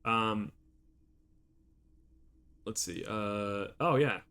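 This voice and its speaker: A man's voice: lowish voice, drawn-out words, sharp tone, clean tone. A male streamer chatting casually while playing a game, reacting aloud and laughing often. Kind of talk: casual gameplay commentary.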